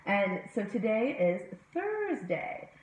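A woman leading a children's circle time, drawing each word out slowly in a lively, sing-song voice that rises and falls a lot. Her voice sits a touch high, and it rings around a roomy, echoey home room as she talks to a webcam. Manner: slow, sing-song and encouraging, addressing young children. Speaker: preschool teacher.

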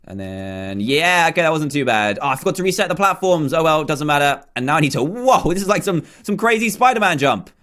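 A man's voice: fairly high pitch, animated, a little fast, few pauses, fairly bright tone. A young man commentating his own game play, chatty, self-mocking and easily flustered. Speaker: gaming YouTuber.

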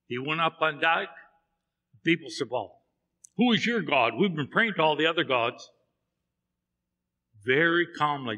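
A man with a fairly high, bright, forceful voice preaches a sermon, telling the story with feeling and voicing the characters in turn. His words ring out in a church with a long, lingering reverb. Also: animated, measured pace, pauses often. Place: church sanctuary.

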